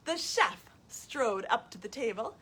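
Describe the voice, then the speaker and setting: A woman's voice: fairly high pitch, big pitch swings, measured pace, a bit bright, husky. A woman reading a children's story at a library storytime, inviting kids to sing along. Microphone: webcam on a live stream.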